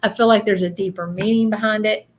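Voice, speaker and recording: Soft-spoken woman streaming live. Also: medium pitch, fairly even intonation. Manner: soft, halting, many fillers. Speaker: psychic medium livestreamer. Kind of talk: casual live stream reading.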